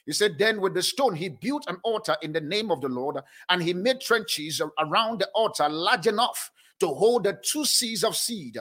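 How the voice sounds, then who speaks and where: A man preaching a sermon as a prophet, reading scripture slowly and making emphatic declarations. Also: high-pitched, lively intonation, fairly bright tone. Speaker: pastor.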